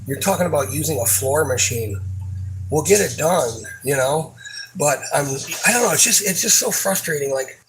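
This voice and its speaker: A man's voice: fairly high pitch, animated, fairly bright tone, a little hiss or hum, rough recording. Frustrated man venting, rambling. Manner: frustrated, rambling, swears a lot; halting, many fillers and restarts. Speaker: supermarket worker. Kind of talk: casual venting monologue.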